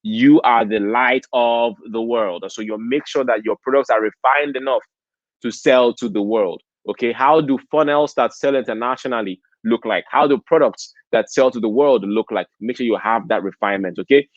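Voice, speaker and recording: A man's voice: medium pitch, brisk, no echo. Preachy man with a dull lo-fi sound. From Nigeria. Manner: preachy, keeps asking "okay?". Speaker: convention speaker. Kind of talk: motivational talk.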